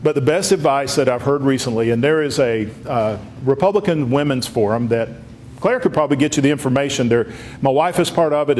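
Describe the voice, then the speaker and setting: A congressman speaks at a luncheon in a mid-range, darkish voice, with a little hiss or hum on the recording. His political speech is folksy and full of stories, with many restarts, and he rises in pitch for emphatic points.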